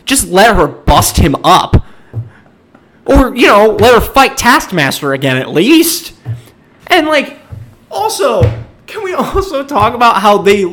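A man ranting in exasperation during a casual movie review chat, swinging into loud outbursts. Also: high-pitched, big pitch swings, unhurried.

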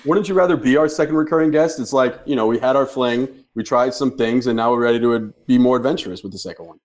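A man's voice: medium pitch, fast, a little mellow. A man co-hosting a hockey podcast, blunt and opinionated and swearing freely. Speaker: podcast co-host. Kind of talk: casual podcast chat.

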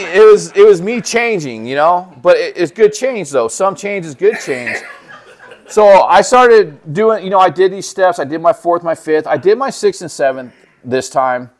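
A man's voice: high voice, expressive, unhurried. A man sharing his recovery story in a casual, profane way, acting out what people said. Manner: profane, laid-back, acts out quoted dialogue.

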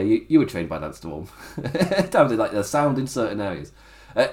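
Laughing, lively-voiced man recapping wrestling. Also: mid-range voice. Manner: chatty, often laughing at his own jokes. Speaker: wrestling show reviewer. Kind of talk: casual recap commentary.

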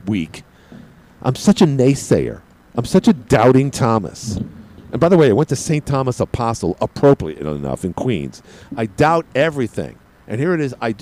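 A man's voice: on the low side, warm tone, low-quality recording. A man with a Brooklyn accent hosting a radio show, telling a rambling, self-deprecating story full of digressions and restarts. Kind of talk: rambling monologue.

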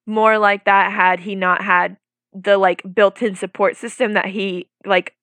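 Bright, dry-voiced young woman. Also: mid-range voice, steady tone, unhurried, no room sound. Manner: talkative, reasoned, lots of "like" fillers. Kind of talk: casual chat.

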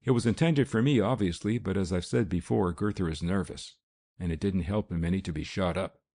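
A man reading Leon, a calm, wry vigilante. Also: sits low, brisk. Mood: dry. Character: cool-headed male vigilante, calm and wry.

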